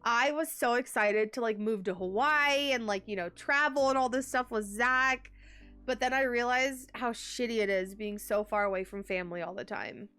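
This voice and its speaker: A young woman from Texas streaming a game from home, chatting warmly and answering her viewers. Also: fairly high pitch, normal speed, clean tone, faint music behind. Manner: chatty and warm, reads and answers chat. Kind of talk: casual live-stream chat.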